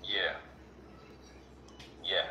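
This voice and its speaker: A man's voice: extremely slow, pushed and bright, reverberant. A man from Gambia, a guest on a livestream, speaking earnestly and repeating himself with lots of "you know". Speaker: guest caller. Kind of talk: casual chat.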